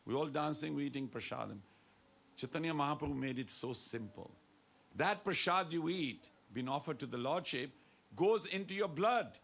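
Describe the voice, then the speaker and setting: Gravelly-voiced man leading a temple sermon. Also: fairly high pitch, lively intonation, moderate pace, a bit bright. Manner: playful, coaxing the audience to respond and dance; mixes in Hindi phrases. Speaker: temple speaker. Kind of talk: devotional sermon to a congregation. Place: temple hall with congregation.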